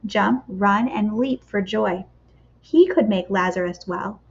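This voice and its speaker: A woman reads a picture book aloud for a church kids' club. Her storytelling is expressive and measured, with dramatic pauses, and her voice sits at a middle pitch. The recording is slightly dull and lo-fi. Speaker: children's ministry storyteller.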